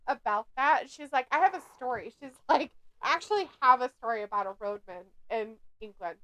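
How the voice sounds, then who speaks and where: A woman's voice: on the high side, fairly quick, hardly any pauses. An American woman co-hosting a casual livestream chat, telling stories with lots of swearing and frequent laughter. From United States. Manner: profane, laughs often, animated storytelling. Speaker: co-host of a wrestling watch-along stream.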